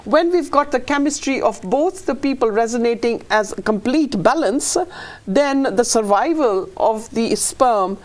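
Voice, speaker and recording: A woman's voice: a little high, animated, measured pace. A middle-aged woman, a fertility practitioner interviewed as a guest, talking in an earnest, emotional way with many restarts. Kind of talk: conversational interview.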